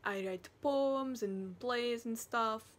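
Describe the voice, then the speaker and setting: A woman voicing a smooth-talking criminal man with a put-on Russian accent, coaxing and offhand, dropping small words. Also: fairly high pitch, slow. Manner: coaxing, offhand, clipped grammar.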